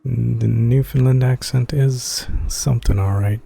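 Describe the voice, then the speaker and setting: A laid-back man doing casual gameplay commentary and chatting with viewers as he plays. His voice is husky and gravelly with a dark, mellow tone. He speaks at an unhurried, slow pace. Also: medium pitch, steady tone. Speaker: gamer streaming a playthrough.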